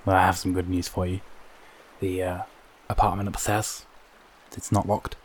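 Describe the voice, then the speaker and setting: A man's voice: low voice, level tone, moderate pace, lightly acted. A man voicing a wry, guarded companion in a dry, understated way. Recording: noisy background.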